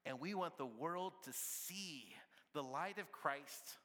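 A man's voice: fairly high pitch, animated, slow pace, pushed and bright, in a large hall. A man preaching a sermon at church, conversational and playful, often asking the congregation "right?" with little laughs. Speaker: pastor.

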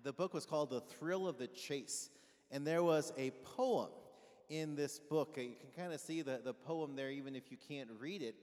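A pastor delivers a conversational sermon, asking his congregation questions and getting answers called back. His voice is a little high and a little mellow, at a normal speed. The recording carries the long reverb of a large hall.

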